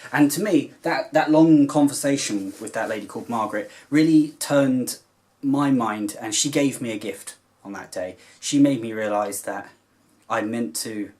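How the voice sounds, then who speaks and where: A man's voice: fairly low pitch, darkish tone. Heartfelt rambling man vlogging to camera. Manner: rambling and heartfelt, with many filler phrases. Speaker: cross-stitch vlogger. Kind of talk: casual chat to camera.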